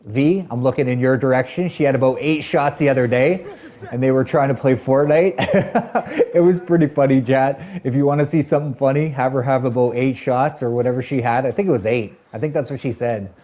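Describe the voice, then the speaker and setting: A man's voice: medium pitch, fairly quick, dark tone. A man in his thirties chatting casually to his stream viewers, rambling loosely with lots of "like" and "you know". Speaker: live streamer.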